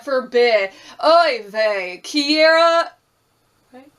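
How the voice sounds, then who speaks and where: A young woman with a slightly high voice talks through a reality show episode in a loose, chatty way. She swears freely, acts out lines from the show and laughs often as she goes. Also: normal speed, a bit bright. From Puerto Rican and Cuban heritage. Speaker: reality TV recap vlogger. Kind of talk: casual recap chat.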